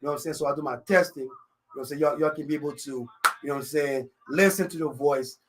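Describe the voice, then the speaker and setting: Rambling African radio host, French accent. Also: male voice, on the high side, fast talker. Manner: rambling, constant "you know what I'm saying" fillers; confident, jokey. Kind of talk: casual live radio talk. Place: radio studio. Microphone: studio microphone.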